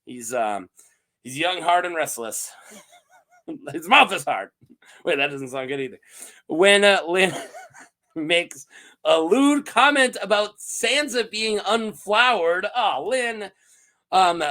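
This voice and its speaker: A man casually recapping fantasy story lore, playful and quick to laugh, with lots of fillers. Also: sits high. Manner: playful, animated, laughs often, many fillers. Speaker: host of a fantasy lore channel.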